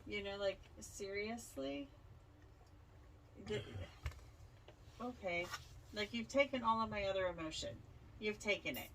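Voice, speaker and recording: Female podcast co-host, teasing and quick to interject, a little off-mic. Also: medium pitch, distant mic, a little hiss or hum, low-quality recording. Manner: teasing, cuts in with quips. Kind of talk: casual chat.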